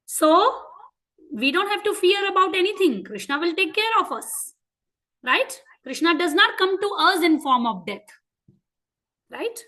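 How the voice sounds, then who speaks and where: A woman with an Indian English accent teaching a class of children, asking them frequent questions and telling stories in an animated way. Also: extremely high pitch, measured pace, poor audio. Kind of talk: interactive lesson for children.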